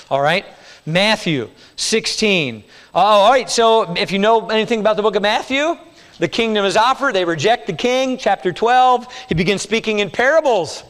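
A man preaching a sermon as pastor, swinging between quiet stretches and emphatic bursts. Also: sits high, long reverb tail.

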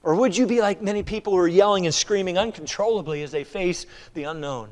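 A man preaching a sermon in a church, firing rhetorical questions and swinging between loud urging and hushed, quiet passages. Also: sits high, quick pace. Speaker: pastor. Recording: reverberant hall.

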